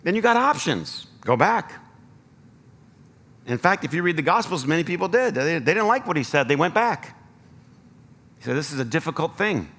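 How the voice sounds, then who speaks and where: Earnest American pastor in a reverberant hall. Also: male voice, a little high, very animated, moderate pace, long pauses, fairly bright tone. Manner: earnest, rising to emphatic appeals. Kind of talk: sermon. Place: church sanctuary.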